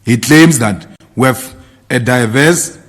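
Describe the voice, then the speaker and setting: A man's voice: medium pitch, slow. A man delivering a formal political statement in a declamatory, repetitive rallying cadence. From South Africa. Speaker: party leader giving a statement.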